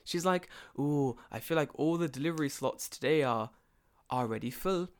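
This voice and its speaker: A man's voice: on the high side, moderate pace. A man telling a story in casual chat, swearing often, laughing, and acting out both sides of a phone call. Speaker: storyteller in a conversation. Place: lives and works in Japan.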